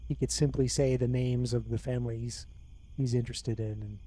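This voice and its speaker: Mellow-voiced man playing his character. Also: medium pitch, flat delivery, normal speed. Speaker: player. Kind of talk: in-character tabletop play.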